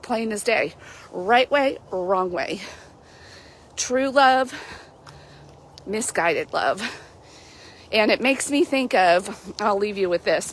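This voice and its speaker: A middle-aged woman who works as a Christian life coach talks through a casual devotional livestream outdoors on a mild day. Her voice is medium-pitched, with a little hiss or hum in the recording. She's chatty and animated and laughs often.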